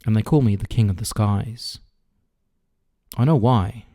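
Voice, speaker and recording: A man's voice: fairly low pitch, unhurried, dark tone. A man in his forties with a London English accent, casually reviewing a microphone in a small home studio and laughing at his own slips. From England. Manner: chatty, self-mocking, stumbles over words. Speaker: gear reviewer, host. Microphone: camera-mounted shotgun mic about arm's length away.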